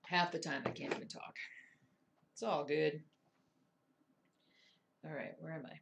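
A woman's voice: low voice, steady tone, measured pace, creaky, slight background noise. A woman chatting casually and muttering to herself while doing cross-stitch, self-deprecating and chatty. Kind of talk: casual stitch-along chat.

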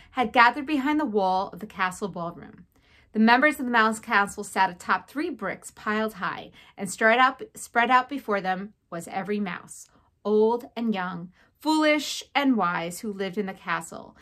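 A woman teacher at home, reading a children's novel aloud to her class with a clear, expressive delivery. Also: medium pitch.

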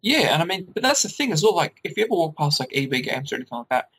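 A man's voice: fairly high pitch, very animated, racing, fairly bright tone, slightly rough, low-quality recording. A man, co-hosting a casual gaming podcast, rambling and chatty with lots of fillers. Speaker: podcast co-host.

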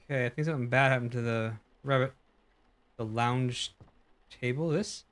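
A man's voice: medium pitch, moderate pace, a bit bright, clear, resonant tone. A young man giving casual let's-play commentary, joking and reacting jumpily to a horror game. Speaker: gaming YouTuber.

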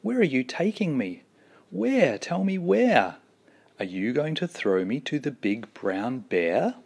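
A man's voice: on the low side, lively intonation, measured pace, darkish tone. A man voicing a frightened little cave baby boy in a storybook, pleading and asking anxious questions.

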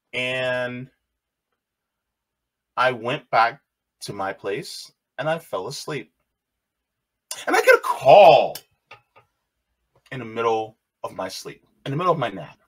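A man tells a story from his own life in a loose, conversational way. His voice sits a little high and swings widely in pitch as he repeats phrases. When he quotes other people, his voice jumps up. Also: a bit bright. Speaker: video host. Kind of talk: casual personal storytelling.

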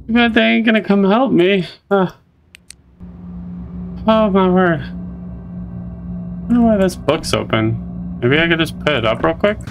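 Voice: expressive, unhurried, gravelly, pauses often, a little hiss or hum, poor audio. Nervous chatty gamer playing a horror game. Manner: nervous and chatty, switching to a high coaxing voice to talk to creatures. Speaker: let's play gamer. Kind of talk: casual horror game commentary.

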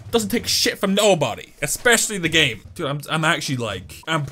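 Animated high-voiced young man ranting over gameplay. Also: moderate pace, soft background music. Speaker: game commentator. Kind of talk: gameplay commentary.

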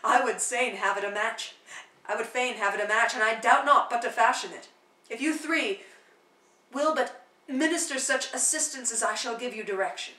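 A woman's voice: on the high side, moderate pace, pushed and bright, reverberant, distant mic, rough recording. A woman voicing a courtly, genial prince who plays matchmaker, speaking in a lordly, persuasive way in a play reading.

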